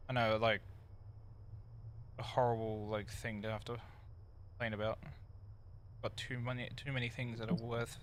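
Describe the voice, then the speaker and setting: A man's voice: mid-range voice, little pitch movement, normal speed, long pauses, slight background noise. A man streaming an online game, chatting casually in a loose, rambling way with plenty of fillers. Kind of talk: casual chat while gaming.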